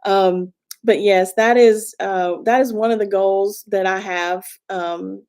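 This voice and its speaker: A woman's voice: medium pitch, fairly even intonation, slow, darkish tone. A woman in her fifties hosting a casual live stream, chatty and earnest, rambling with fillers and restarts as she encourages her viewers. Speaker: YouTube channel host. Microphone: webcam or phone live stream.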